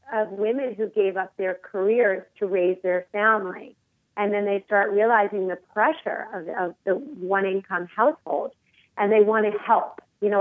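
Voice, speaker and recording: A woman's voice: medium pitch, no echo. Woman in her forties on a tinny phone line. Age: 40s. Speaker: interview guest. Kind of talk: phone interview.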